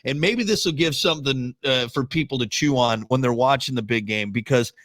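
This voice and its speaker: A man co-hosting a casual podcast, talking in an animated, ranting way with frequent laughs. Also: medium pitch, a little fast, dry recording. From Wisconsin. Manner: animated, ranting, mock voices, laughs often. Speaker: podcast co-host. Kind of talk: casual chat.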